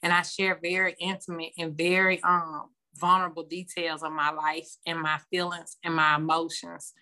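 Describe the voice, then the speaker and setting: A woman speaks openly about her own recovery, her voice bright and forward. She rambles and pauses often with ums. The sound comes through a phone on a video call. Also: lowish voice, level tone. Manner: candid, rambling, many ums. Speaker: meeting member sharing. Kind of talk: personal recovery share.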